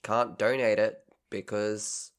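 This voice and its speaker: A man's voice: lowish voice, level tone, slow pace. An Australian man co-hosting a podcast, chatting casually and rambling with frequent self-corrections. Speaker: podcast co-host.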